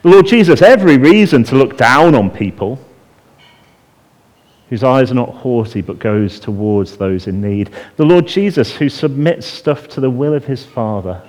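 A man preaching a sermon with a very lively, wide-ranging voice. He acts out a wailing child in a high pitch, then sinks to a hushed murmur for the calm parts. His pitch sits mid-range for a man. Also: normal speed. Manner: drops to a hushed voice on calming phrases.

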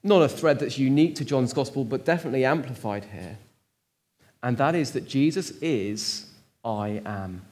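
A man's voice: mid-range voice, a little mellow. A man preaching a sermon in church, stressing words with strong rises and drops. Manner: emphatic, rising and falling for stress.

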